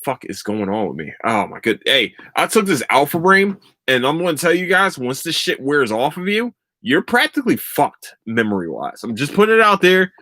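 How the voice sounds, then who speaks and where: A man's voice: fairly high pitch, big pitch swings, normal speed, few pauses, pushed and bright, dry recording, clean studio sound. A young man hosting a podcast, ranting about sports in a heated, sarcastic and profane way. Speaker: podcast host. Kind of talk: casual sports rant.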